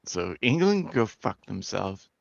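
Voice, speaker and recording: An American man in crude casual chat, loud and argumentative, cutting in on others. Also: fairly low pitch, big pitch swings, takes it slowly, creaky, dry recording, highs cut off. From United States.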